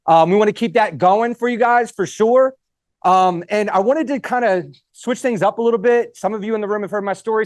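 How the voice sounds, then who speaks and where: A man's voice: high voice, a little mellow, no echo, clean studio sound. A man speaking at a live event, giving a casual motivational talk, joking with the crowd and swearing now and then.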